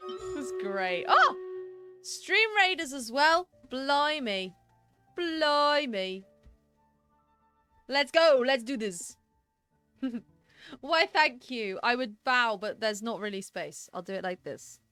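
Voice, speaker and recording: A woman's voice: fairly high pitch, expressive, a little slow, sharp tone, clear, resonant tone, no echo. A woman chatting playfully and giggling while she streams a game. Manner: giggly and playful, narrating her gameplay. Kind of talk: casual game stream chat. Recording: faint game music behind.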